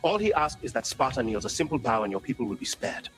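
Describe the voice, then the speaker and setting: A smug, patronizing ancient messenger. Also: male voice, mid-range voice, very animated, fast, a bit bright, soft background music. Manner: patronizing, mocking. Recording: distant audio from a played video clip.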